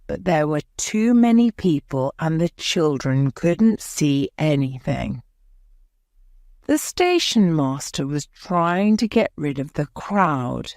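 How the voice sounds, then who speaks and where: A woman narrating a graded-reader story for English learners in a slow, clear reading. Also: lowish voice, darkish tone, dry recording, studio quality. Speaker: audiobook narrator.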